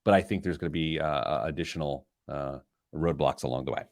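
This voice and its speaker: Lively, self-mocking male radio host. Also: very deep voice, normal speed, no echo, studio quality. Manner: self-deprecating, rambling. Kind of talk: casual chat.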